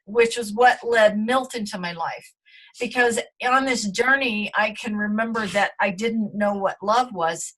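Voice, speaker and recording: A woman's voice: mid-range voice, fairly bright tone. A middle-aged woman, a guest in an interview, telling her story in an earnest, reflective way with many fillers.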